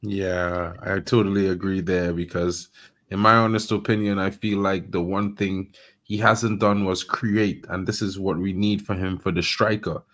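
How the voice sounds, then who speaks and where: A man on a fan panel giving measured opinions in a casual chat. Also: low-pitched, level tone, a bit bright.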